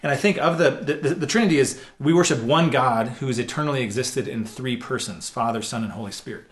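A man delivers a sermon in a relaxed, conversational way, earnest and plainspoken. His voice sits in a middle pitch, and he often restarts phrases and repeats words as he works through his points. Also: fast. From United States. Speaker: pastor.

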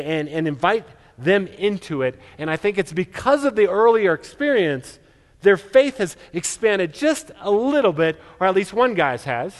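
A man preaching a sermon as pastor, earnest, with frequent stammered restarts. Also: high voice. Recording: long reverb of a large hall.

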